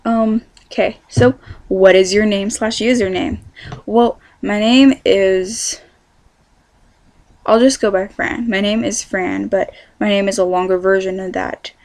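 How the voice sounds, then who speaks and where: A woman's voice: medium pitch, fairly even intonation, measured pace, a little mellow, no echo. A teenage girl from California, chatting casually through a question-and-answer vlog, rambling with lots of ums. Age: teens. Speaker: vlogger.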